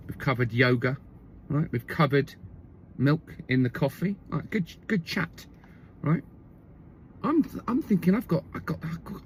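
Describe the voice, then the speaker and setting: A man's voice: on the high side, slight background noise. A man telling a comic story in a wry monologue, often checking in with "okay?" and "right?".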